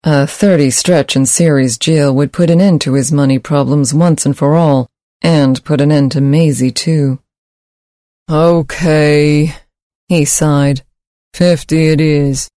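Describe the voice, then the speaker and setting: A man reading a science fiction story aloud in measured, steady scripted narration. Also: fairly high pitch, no room sound, studio quality.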